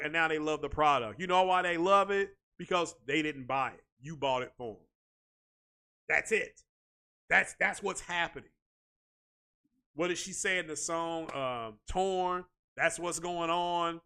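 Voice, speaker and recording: A man with a high, bright and forceful voice rants through casual tech commentary. He talks in an animated, repetitive way and keeps coming back to "you know" as a filler. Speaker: tech video host.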